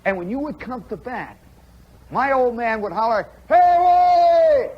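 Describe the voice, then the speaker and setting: Lively high-voiced man spinning a radio yarn. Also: moderate pace, breathy edge. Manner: animated, conversational, full of "see?" and "you know" asides. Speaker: radio storyteller. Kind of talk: live radio storytelling monologue. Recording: muffled 1960s radio broadcast with faint hiss.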